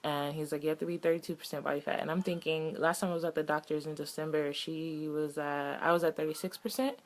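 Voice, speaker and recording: A woman's voice: low-pitched, fairly even intonation, quick pace, poor audio. A woman in her twenties telling a story in a casual vlog, retelling conversations in a chatty way with lots of "he was like". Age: 20s. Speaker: vlogger.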